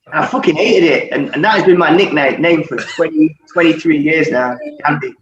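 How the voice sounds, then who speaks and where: A man in his forties with a fairly high voice tells sweary anecdotes as a podcast guest, swearing constantly and laughing as he goes. He sounds like he is in a roomy space, and the recording is muffled with a faint hiss behind him. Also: a little fast. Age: 40s. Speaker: guest, former footballer. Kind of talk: casual storytelling chat.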